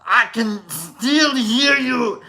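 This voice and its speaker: A man impersonating a loud, musclebound action-hero man, singing in a booming, shouted voice. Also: animated, extremely slow, exaggerated voice.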